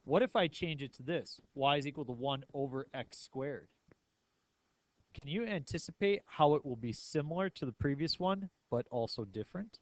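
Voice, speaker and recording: A man's voice: fairly high pitch, expressive, moderate pace. A male math teacher lecturing a class in a playful way, asking his students many questions.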